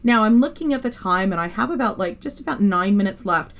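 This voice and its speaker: A woman's voice: medium pitch, lively intonation, brisk, muffled recording. A woman teaching a digital painting class on a livestream, rambling and stopping herself often with fillers. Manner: rambling, self-interrupting, with many fillers. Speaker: art instructor. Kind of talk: live digital painting tutorial.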